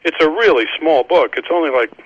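A man's voice: fairly high pitch, dry recording, dull audio. A man hosting a casual conversation about Christian books, talking with many restarts and repeated words. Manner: halting, many restarts, warm laughter. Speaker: Christian book publisher and podcast host.

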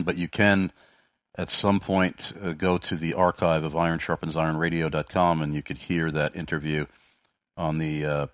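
A man's voice: rumbling low, fairly bright tone, no echo. A man hosting a Christian talk radio show, talking with many fillers and restarts. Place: radio studio. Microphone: studio microphone.

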